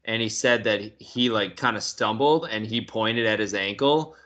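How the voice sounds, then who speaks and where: A man's voice: lowish voice, moderate pace, sharp tone. A man hosting a podcast in casual chat, talking loosely with plenty of swearing and laughter. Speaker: podcast host.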